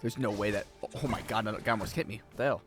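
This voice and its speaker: A man's voice: lowish voice, fast, over music. A male streamer rambling and joking casually with his chat while he plays. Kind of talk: casual game-stream chatter.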